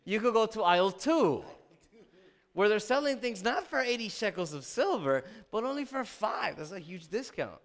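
A male pastor preaching a sermon, animated, asking the congregation questions and acting out the scripture. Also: sits high, a little slow, long pauses. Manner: animated, asks the congregation questions, dramatizes quotes.

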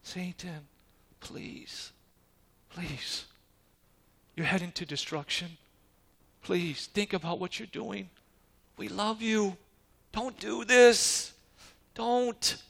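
A man voicing God as a calm, loving figure who pleads gently. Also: sits high, extremely slow, creaky, pauses often, pitched above the performer's own voice, full character voice. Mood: pleading, gentle.

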